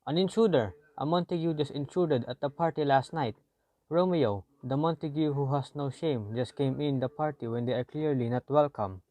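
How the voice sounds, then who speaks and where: A man's voice: medium pitch, moderate pace, dark tone, no echo, natural voice. A man playing an accusing, indignant Tybalt in an amateur school play. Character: indignant, hostile young Tybalt.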